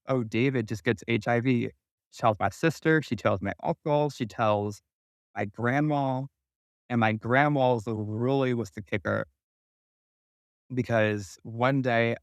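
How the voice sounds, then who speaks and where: A young man, a guest, recounting a painful personal story in a halting way with many pauses. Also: on the low side, vocal fry, no room sound, clean studio sound.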